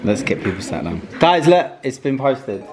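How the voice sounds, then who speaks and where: British mum, 40s-50s, low and lively pitch, casual amused reactions, echoey room with loud music behind. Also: female voice, moderate pace. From Britain. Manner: chatty, amused running commentary. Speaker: parent reacting to a show. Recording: roomy echo with loud music and crowd behind.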